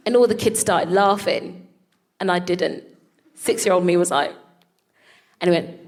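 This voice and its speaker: A woman co-hosting a show, telling comic stories on stage in an animated way, swearing and laughing often. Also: mid-range voice, normal speed. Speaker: co-host. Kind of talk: comic storytelling before a live audience. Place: live stage.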